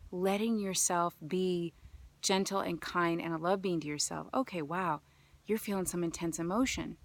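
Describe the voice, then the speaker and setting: A woman hosting a self-help vlog, telling a story in a casual monologue that swings from hushed asides to loud emphasis. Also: fairly low pitch, gravelly. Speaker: healer and vlog host.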